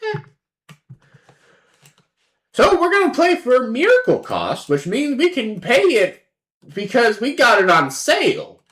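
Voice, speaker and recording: Sing-song, slow-talking woman streamer. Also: a little high, wildly swooping pitch, a bit bright. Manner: playful and sarcastic, acting out opponents' lines, swearing. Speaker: card game streamer. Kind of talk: casual commentary on a card game.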